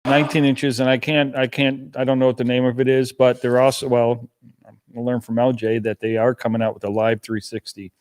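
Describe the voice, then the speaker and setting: A man's voice: mid-range voice, little pitch movement, a little fast, darkish tone. A man on a casual fishing show, talking in an easygoing way about his fishing plans, at times with his mouth full. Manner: easygoing, talks while eating. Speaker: guest angler. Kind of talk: casual chat.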